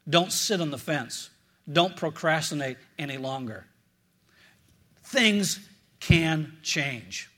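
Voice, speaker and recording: Bright, high-voiced preaching man. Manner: earnest, storytelling, repeats words, drops low for prayers. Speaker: pastor. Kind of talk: sermon.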